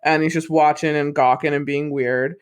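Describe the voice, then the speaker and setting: A man's voice: on the high side, steady tone, moderate pace, clean tone. A man co-hosting a podcast, reviewing a film in loose, casual chat, swearing freely and acting out scenes. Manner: loose and chatty, swears freely, acts out quotes. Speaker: podcast co-host.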